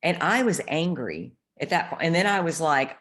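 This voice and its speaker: A woman's voice: low-pitched, expressive, moderate pace, fairly bright tone. A middle-aged woman co-hosting a podcast, chatting casually and telling candid stories, swearing freely. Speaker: podcast co-host. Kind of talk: casual chat.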